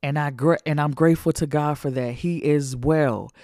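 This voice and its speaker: A woman's voice: deep voice, moderate pace, mellow, no room sound, studio quality. A woman in her forties hosting a faith-based podcast, talking in an emotional, preachy way and repeating phrases for emphasis. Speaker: podcast host.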